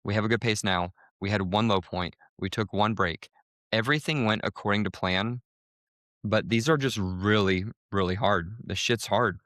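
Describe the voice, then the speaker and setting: A man co-hosting a podcast, telling a race story casually, with lively jumps in pitch when he quotes people. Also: moderate pace, no room sound, studio quality. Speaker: podcast co-host.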